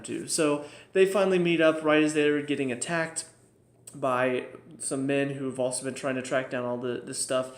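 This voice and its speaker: A young man casually reviewing TV episodes, excitable and laughing often, his voice jumping up when enthused. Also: a little high. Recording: echoey room.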